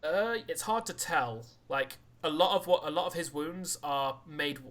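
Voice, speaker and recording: A man's voice: a little high, animated, a little slow, a bit bright. A man narrating combat as game master, often hesitating with uh and restarts.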